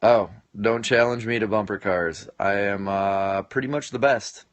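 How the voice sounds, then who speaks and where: A man's voice: on the low side, unhurried, no echo. A man in his late twenties hosting a casual live stream from his home basement, reading and answering viewer comments in a joking way and laughing often. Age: late 20s.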